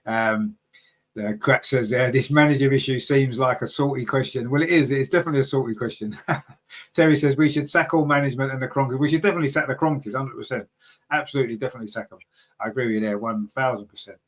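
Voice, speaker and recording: This is a man hosting a fan podcast, talking casually and reading out viewer comments. His voice sits at a middle pitch, and he rambles with plenty of fillers. He jumps up in pitch when he gets excited. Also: fast talker. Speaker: podcast host.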